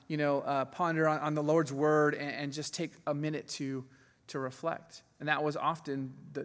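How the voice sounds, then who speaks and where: Animated male preacher in a reverberant hall. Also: fairly high pitch. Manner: animated, laughs often, voices quoted figures. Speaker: pastor. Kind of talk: sermon.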